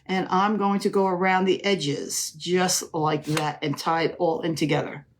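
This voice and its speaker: A woman's voice: fairly low pitch, steady tone, a little slow, a little hiss or hum. A middle-aged woman hosting a live crafting demonstration, chatty and gushing, often calling her viewers "ladies". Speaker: crafting live-stream host.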